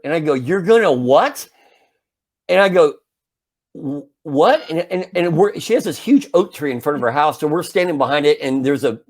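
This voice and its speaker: A man in his forties, a podcast co-host, casually telling a story and acting out the parts as he goes. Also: a little high. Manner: animated storyteller, acts out his own yelling.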